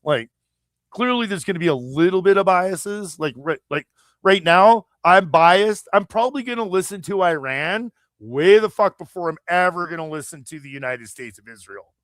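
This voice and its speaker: A man's voice: high voice, expressive, moderate pace, a bit bright, dry recording, clean studio sound. A man from Canada hosting a live chat stream, delivering a profane, heated, rambling political rant. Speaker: livestream host.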